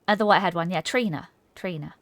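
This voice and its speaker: A woman's voice: fairly low pitch, fast talker, a bit bright, dry recording. A woman streaming a game, chatting casually and giggling while she reads chat aloud.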